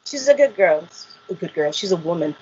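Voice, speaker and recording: A woman's voice: lowish voice, lively intonation, brisk, darkish tone, breathy edge. A woman, a reality show cast member, telling her story in an interview, acting out quotes and laughing often. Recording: muffled lo-fi audio.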